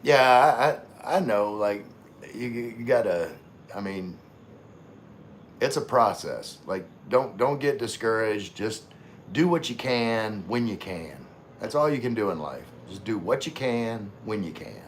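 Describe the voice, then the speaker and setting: A man hosting a casual livestream, chatting with viewers in a halting way full of fillers and restarts. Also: on the low side, animated, a little hiss or hum. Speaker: livestream host. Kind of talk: casual live chat with viewers.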